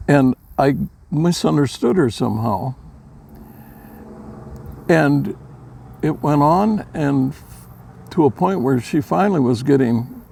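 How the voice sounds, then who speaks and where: An older man from Minnesota, telling folksy personal stories in a plain-spoken, unhurried way, with a gravelly voice. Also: medium pitch, dark tone, slight background noise. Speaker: storyteller. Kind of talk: casual personal storytelling.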